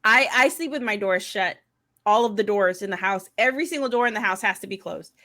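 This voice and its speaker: A middle-aged woman talks as a co-host in a relaxed group chat. She is blunt, swears without a second thought, and laughs through her stories at a middle pitch. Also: brisk. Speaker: podcast co-host, mother. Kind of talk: casual chat.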